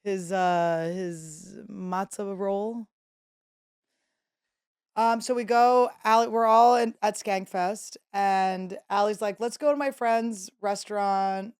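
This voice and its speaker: A woman in her thirties hosting a podcast, telling a story in casual chat and acting out quotes in a higher voice. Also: a little slow, hardly any pauses, smooth. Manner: animated, acts out quotes in a high voice. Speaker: podcast host.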